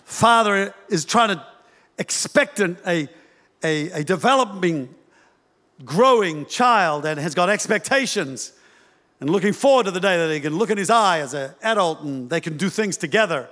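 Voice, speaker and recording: A male pastor preaching a sermon in an animated, humorous way, acting out the voices of parents. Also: high-pitched, normal speed, big-room sound.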